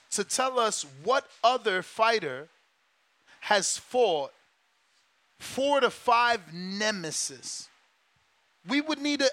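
A man's voice: high voice, pushed and bright, no room sound. A man hosting a boxing talk show, ranting in a casual, emphatic way, swearing and repeating his points. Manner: emphatic, profane, repeats himself.

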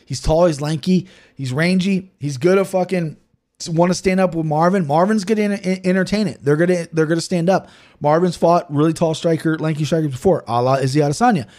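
A man's voice: on the high side, a little mellow. A man hosting a podcast in loose, rambling chat, swearing freely as he talks through fight picks. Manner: profane, rambling, quick-talking. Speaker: podcast host. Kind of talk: casual chat.

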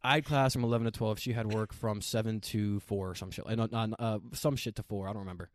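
A young man telling a story in casual chat, profane and animated, acting out quoted lines. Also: fairly low pitch, fast talker.

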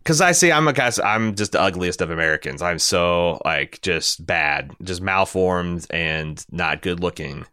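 Casual podcast co-host, man in his thirties, rambling and profane, low voice with a bright edge. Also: animated, a little slow, few pauses, clean tone, dry recording, studio quality. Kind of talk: casual movie chat.

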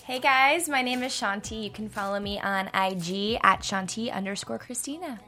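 A woman's voice: medium pitch, moderate pace, bright, forceful tone, soft background music. A woman co-hosting a casual studio chat, blunt and skeptical. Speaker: co-host.

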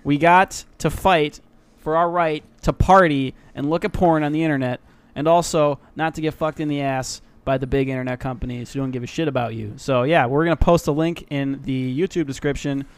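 A man hosting a casual podcast, loud and joking, sometimes mimicking a game show host. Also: on the high side, brisk, hardly any pauses, clear, resonant tone, dry recording.

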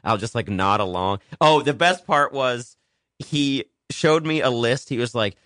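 A man's voice: mid-range voice, measured pace, no echo, clean studio sound. A young man hosting a casual comedic radio show, telling stories and acting out the people in them. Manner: animated storyteller, acts out quotes.

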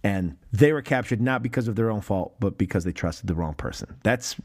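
A man in casual podcast talk about a film scene, animated and rambling, with frequent restarts, swearing and quick laughs. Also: lowish voice. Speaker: podcast guest or co-host.

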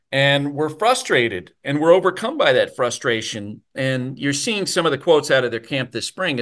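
Guy hosting a baseball show, mid pitch, chatty, lots of um and you know. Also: a bit bright. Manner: conversational, thinks aloud with fillers. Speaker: podcast host. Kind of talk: casual baseball talk.

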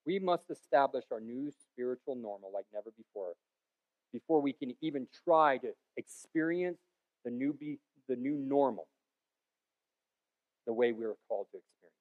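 A man preaching a sermon as pastor, with joking, rambling asides and sudden loud bursts between quieter stretches. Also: medium pitch, expressive, moderate pace, narrow, tinny audio.

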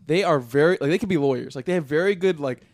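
A man's voice: fairly high pitch, quick pace, dry recording. A man telling a rambling story in casual chat, full of "like" and swearing.

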